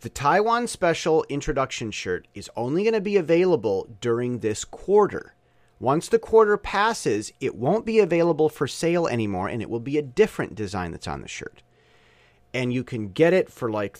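A man's voice: medium pitch, normal speed, dry recording. A man hosting his show, rambling through a casual monologue and plugging merchandise. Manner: rambling, animated, plugs merchandise.

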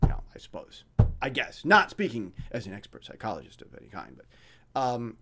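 Male podcast host, blunt and rambling, lots of stammered restarts, pitch swinging widely up and down. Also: huge pitch swings, moderate pace, bright, forceful tone, a little hiss or hum. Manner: mimics dramatic voices when illustrating points. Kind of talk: rambling monologue.

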